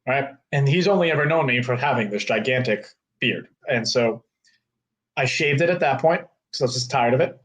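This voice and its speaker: A man in his thirties, a guest telling a story in casual, animated chat, full of "like" and casual swearing. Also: mid-range voice, normal speed. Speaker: guest, co-owner of a fight-gear retailer.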